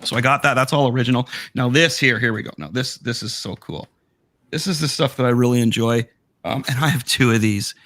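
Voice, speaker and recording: Excited, slightly hoarse bright-voiced man. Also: mid-range voice, a little fast. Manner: excited, rambling, self-interrupting. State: losing his voice, hoarse. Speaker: collector showing memorabilia. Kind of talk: casual chat on a video call.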